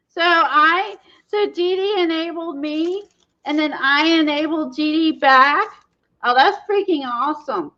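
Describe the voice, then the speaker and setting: A woman's voice: high-pitched, measured pace, sharp tone, muffled recording. A woman hosting a craft livestream, chatting casually, laughing often and reading the live chat.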